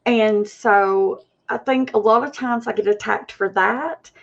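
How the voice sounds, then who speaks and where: An Australian woman is a guest on a casual live stream, and she is full of gushing endearments. Her voice sits a little high and has a gravelly edge. The stream audio is dull and lo-fi. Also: a little slow. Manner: gushing, calls people honey and baby girl.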